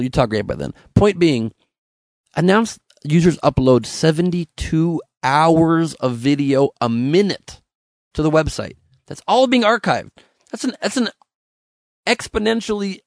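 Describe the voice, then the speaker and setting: A comedian man riffs wryly through odd news items, often jumping up in pitch for a punchline. His voice sits a little high with a gravelly rasp. The sound is dry and close. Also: dry recording. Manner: wry, riffing, with sudden jumps up in pitch for jokes. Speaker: comedian hosting a news roundup.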